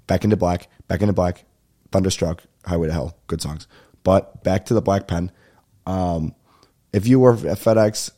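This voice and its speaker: A young man rants through a comic story on a podcast, swearing freely and slipping into quick impressions of the people he dealt with. His voice sits fairly low and sounds mellow and relaxed rather than sharp. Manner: profane, ranting, acts out phone calls. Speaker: podcast host. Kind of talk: casual comedic storytelling.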